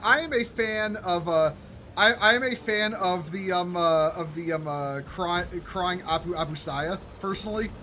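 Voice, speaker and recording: A man's voice: high voice, normal speed, pushed and bright, slight background noise. A man chatting casually with friends while they play a game together, stammering and swearing with mock outrage. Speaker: streamer playing a game with friends. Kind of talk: casual gaming chat.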